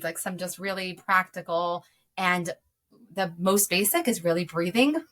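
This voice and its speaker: Bright-voiced woman giving parenting advice. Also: on the low side. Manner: earnest, explanatory, frequent ums. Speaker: guest parenting coach. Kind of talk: conversational advice.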